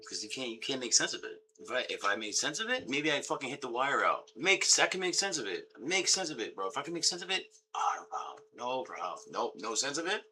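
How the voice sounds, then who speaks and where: A man's voice: mid-range voice, lively intonation, fast, hardly any pauses, bright, forceful tone. A young man in a casual, exasperated rant, swearing often, repeating himself and calling everyone bro.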